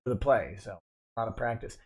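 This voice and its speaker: A man's voice: mid-range voice, animated, quick pace, slightly rough. A man hosting a late-night livestream, reading viewer chats aloud with jokes. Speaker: livestream host.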